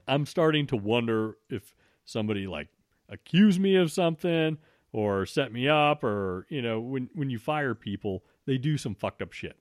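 A man's voice: mid-range voice, lively intonation, unhurried, no echo, studio quality. A man telling a long story in a casual, profane way, with many restarts. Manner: profane, rambling with frequent restarts.

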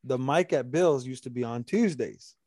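A man's voice: medium pitch, normal speed, a little mellow, no echo, clean studio sound. A man in casual chat who laughs along and asks questions to move the story on. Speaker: podcast co-host.

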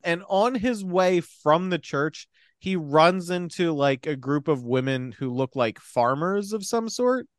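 A man's voice: on the high side, expressive, measured pace, no echo, clean studio sound. A young man in casual chat, animatedly retelling a film's plot, acting out the characters' lines, swearing and laughing. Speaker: podcast co-host recapping a film.

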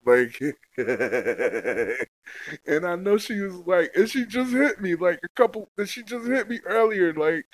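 A young man hosting his own casual solo podcast, rambling in heavy slang and profanity with lots of fillers, and getting loud and high when a story heats up. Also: sing-song, unhurried, no room sound, rough recording. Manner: gets loud and high-pitched when telling a heated story. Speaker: podcast host.

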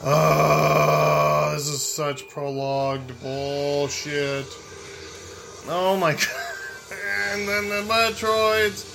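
A man's voice: on the high side, steady tone, very slow, gravelly, very noisy. Exasperated swearing man playing a video game. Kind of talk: casual gameplay commentary.

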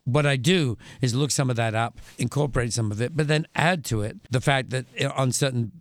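An older English man, a musician and author, telling wry anecdotes as a guest in an interview, pausing and restarting as he goes. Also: medium pitch, dry recording. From England. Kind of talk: conversational storytelling interview.

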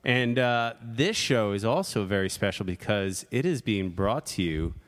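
A man's voice: fairly low pitch, animated, moderate pace, in a large hall. A man hosting a casual podcast chat, playful and jokey, laughing often. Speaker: podcast host. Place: studio in Brooklyn.

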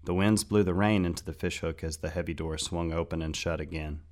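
Deep voiced guy reading a fantasy audiobook, steady and measured. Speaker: narrator. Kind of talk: audiobook narration.

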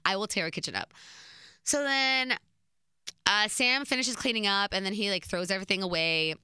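A woman in her twenties casually telling a story, chatty and animated, laughing between beats. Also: medium pitch, normal speed, clear, resonant tone, no room sound.

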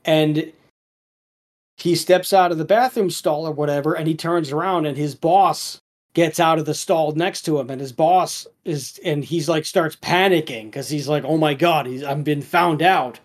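A man's voice: on the high side, normal speed. A man in casual podcast chat, rambling through a cartoon episode with lots of fillers and restarts.

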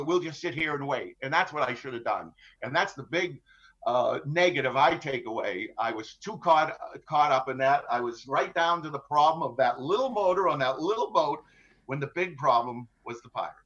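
A man's voice: mid-range voice, lively intonation, normal speed, fairly bright tone. A middle-aged ship captain telling his hostage story in a matter-of-fact way with dry humor, full of fillers and restarts. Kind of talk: conversational storytelling interview. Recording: dull lo-fi sound.

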